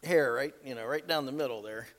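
A man's voice: medium pitch, fairly quick, fairly bright tone, big-room sound, pitched below the performer's own voice, natural voice. A man voicing a stern sword-bearing angel who gives a dry, joking warning.

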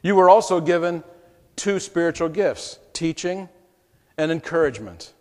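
A male pastor preaching an emotional first-person story, heartfelt, going from hushed to exclaiming, in a church sanctuary. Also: a little high, normal speed. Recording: long hall reverb.

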